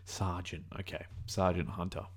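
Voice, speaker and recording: A young Australian man talks through a casual reaction video with a somewhat low voice. He muses aloud as he goes, drifting between thoughts and correcting himself mid-sentence. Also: little pitch movement, normal speed. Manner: musing aloud, rambling, self-correcting.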